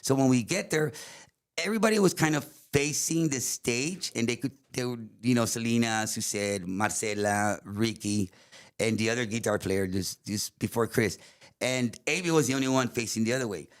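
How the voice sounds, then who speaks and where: A man. He is a guest musician telling stories in casual chat. He talks in an animated way, switches between English and Spanish and laughs often. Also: medium pitch, moderate pace. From South Texas. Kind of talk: casual storytelling.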